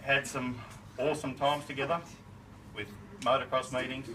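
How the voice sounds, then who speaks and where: A man's voice: mid-range voice, flat delivery, normal speed, bright, forceful tone. A middle-aged man giving a casual birthday speech as a family friend, laid-back and chuckling, with plenty of slang. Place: party in a shed. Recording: far from the mic, noisy room.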